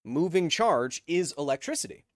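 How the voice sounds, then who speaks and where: A man's voice: on the high side, lively intonation, moderate pace, no room sound, studio quality. A man hosting a live stream, reading chat messages aloud with jokes and tangents while explaining science casually.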